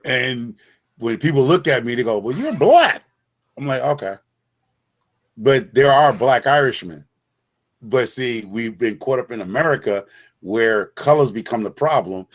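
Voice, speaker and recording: A man's voice: mid-range voice, moderate pace. A middle-aged man from the Bronx, a guest in a casual conversation, telling stories emphatically with many repeats and restarts. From the Bronx, New York. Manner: emphatic, repetitive storyteller with frequent restarts.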